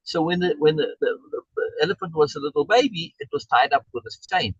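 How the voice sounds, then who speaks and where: A man's voice: a little high, sing-song, fast talker, creaky, slightly rough, no room sound, muffled recording. A man coaching someone over a video call, emphatic and repeating key words for stress. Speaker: life coach.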